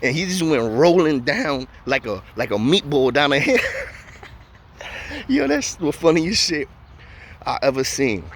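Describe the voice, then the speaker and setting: A man's voice: fairly high pitch, big pitch swings, slow pace, pauses often, slight background noise. A man casually telling profane stories, full of street slang and repeated "know what I mean" fillers. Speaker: storyteller. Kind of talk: casual storytelling.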